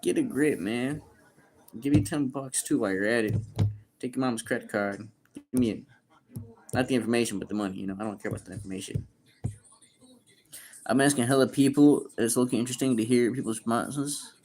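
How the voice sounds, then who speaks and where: A man's voice: medium pitch, a little fast, pauses often, a little mellow, a little hiss or hum. A young man livestreaming, answering chat questions in crude, profane, slangy banter. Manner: reads chat questions aloud and answers bluntly.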